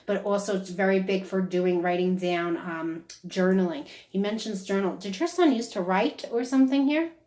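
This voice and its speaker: A woman's voice: medium pitch, normal speed, hardly any pauses, a little mellow. A woman giving a casual psychic reading who talks on and on and keeps checking "is that correct?". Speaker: psychic medium. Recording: roomy echo.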